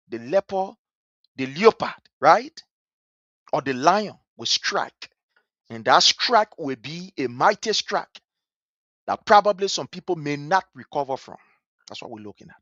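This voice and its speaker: A man's voice: high voice, a bit bright, no room sound, dull audio. A man with a Liberian English accent giving impassioned, scornful political commentary, repeating his points with fire. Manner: fiery, scornful, repetitive.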